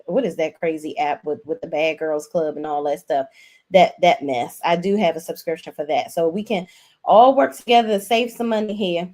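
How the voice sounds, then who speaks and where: A woman in her forties hosting a casual livestream, recapping a drama episode and speaking directly to viewers in a chatty, animated way. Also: lowish voice. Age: 40s. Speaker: host. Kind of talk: casual livestream show review.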